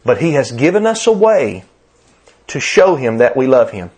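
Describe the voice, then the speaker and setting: A man's voice: mid-range voice, sing-song, moderate pace, darkish tone, slightly rough. Older man, Southern US accent, pastor giving a sermon, emphatic and repetitive cadence. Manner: emphatic, repetitive preaching cadence with rising stresses.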